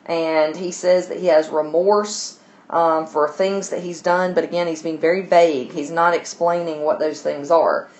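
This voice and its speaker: A woman's voice: low voice, steady tone, normal speed, a little mellow. A woman teaching a literature class, summarizing a novel in a casual, chatty way with plenty of fillers. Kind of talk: recorded lesson summarizing a novel.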